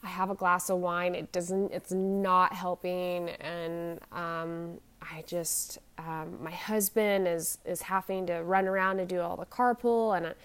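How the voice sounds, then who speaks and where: Speaking straight to the camera, a vlogger in her forties recounts a personal ordeal, sounding shaken and anxious. Her somewhat low, clear, resonant voice keeps fairly even intonation, but her speech stumbles and restarts constantly, with fillers between halting phrases.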